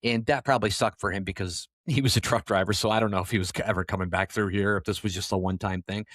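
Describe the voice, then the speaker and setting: A man's voice: on the low side, fairly even intonation, fast, fairly bright tone, dry recording, clean studio sound. A young adult man co-hosting a podcast, casually telling a rambling story with lots of fillers and the odd swear word. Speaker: podcast co-host.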